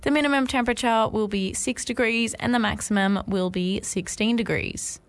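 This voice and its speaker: A woman hosting a community radio breakfast show, reading the weather in an upbeat, clear manner. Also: on the high side, normal speed.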